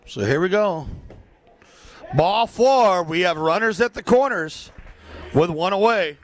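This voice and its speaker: A man doing play-by-play for a local baseball game, chatty and joking between pitches. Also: lively intonation, a little slow. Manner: joking, chatty, breaks into silly asides. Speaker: play-by-play announcer.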